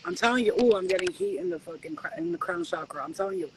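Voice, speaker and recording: A woman giving spiritual readings at home in a casual live-stream chat, animated and swearing freely as she acts out conversations with spirits. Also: fairly low pitch, quick pace, slight background noise, rough recording. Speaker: spiritual reader.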